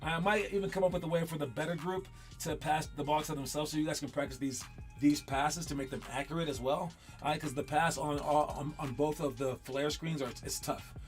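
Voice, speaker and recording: A basketball coach, a man with a somewhat high voice, talks loosely to his players. He is animated and joking and often doubles back on his own words. Faint music plays underneath. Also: a little fast. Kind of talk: casual talk to his players.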